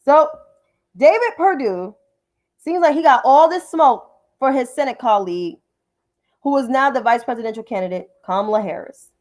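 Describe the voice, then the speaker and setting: Fiery profane woman with a high voice. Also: lively intonation, normal speed, pauses often, darkish tone. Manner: profane, combative, repeats names for emphasis. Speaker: political commentary host. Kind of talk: livestream political commentary.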